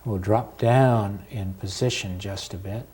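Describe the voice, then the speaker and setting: Slow, calm male painting instructor. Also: fairly low pitch, slightly rough. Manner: slow, unhurried and calm, with pauses while working. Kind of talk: step-by-step painting demonstration.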